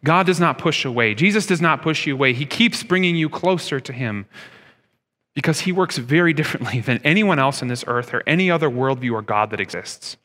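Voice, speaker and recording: A man's voice: medium pitch, expressive, a little fast, a bit bright. A man in his thirties preaching a sermon as pastor, talking conversationally and asking his listeners rhetorical questions. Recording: long hall reverb.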